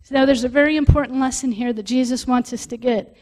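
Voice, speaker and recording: A woman preaching a sermon, reading scripture aloud and stopping to explain it, growing louder on key points. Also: sits high, fairly even intonation, fast, few pauses. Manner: reads scripture aloud and breaks off to explain it, rising with emphasis.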